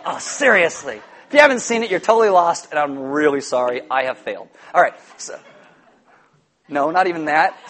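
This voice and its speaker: A man preaching a sermon, animated and jokey, telling stories with loud shouted impressions. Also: a little high, normal speed. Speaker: pastor.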